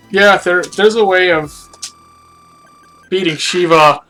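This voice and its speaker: Rambling man streaming a game, slightly high voice. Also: slow pace, sharp tone, faint music behind. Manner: rambling, self-critical, trailing off. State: out of breath. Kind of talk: casual live-stream commentary.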